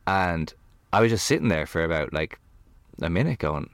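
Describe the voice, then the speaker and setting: Deep-voiced man telling stories. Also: normal speed, no room sound. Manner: animated storyteller, heavy on "like". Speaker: podcast guest. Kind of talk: casual conversation. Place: camper van.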